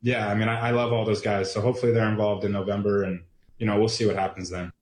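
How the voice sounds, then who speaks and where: A male athlete speaking in a press interview, halting with many restarts and fillers, sounding emotional. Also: on the low side, flat delivery, a little mellow, reverberant.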